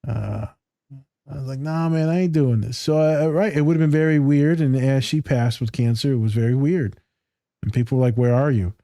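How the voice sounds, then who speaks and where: A man hosting a casual podcast, from Michigan, telling profane, animated stories and acting out quotes. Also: mid-range voice, moderate pace, vocal fry, dry recording, studio quality. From Michigan, USA. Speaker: podcast host.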